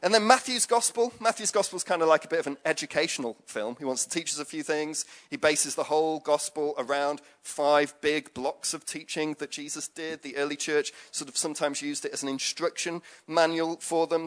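Chatty man, higher voice. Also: fairly quick, hardly any pauses. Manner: chatty, jokey, with frequent asides and fillers. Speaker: preacher. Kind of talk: conversational sermon.

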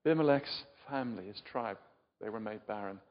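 A fairly low-pitched voice, moving fairly quickly, belongs to an older Englishman preaching a casual, talkative sermon. He frequently asks the audience questions and is self-deprecating. The sound is muffled in a reverberant hall.

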